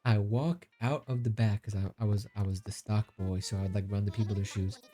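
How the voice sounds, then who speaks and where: A young man streaming live, casually telling a story to his chat in an animated, incredulous way, breaking into laughter. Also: fairly low pitch, a little fast.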